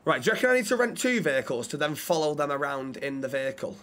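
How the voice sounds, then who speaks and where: A British man with a fairly high voice talks in character in a role-play game. He pitches ideas eagerly and trips over his words as he goes. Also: sing-song, fast talker, fairly bright tone.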